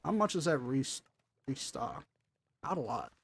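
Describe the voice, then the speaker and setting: A man's voice: mid-range voice, big pitch swings, unhurried, gravelly, husky. Casual chatty male game streamer. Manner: chatty, talks to himself while playing, offhand jokes. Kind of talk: casual live gameplay commentary.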